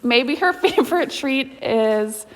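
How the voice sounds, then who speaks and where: A woman's voice: sits high, animated, takes it slowly, big-room sound. A woman who manages a riding program, chatting casually and easily to viewers while she films, with plenty of ums and small laughs. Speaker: program manager filming a live stream. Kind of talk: casual live-stream chat. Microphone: camera held by the speaker.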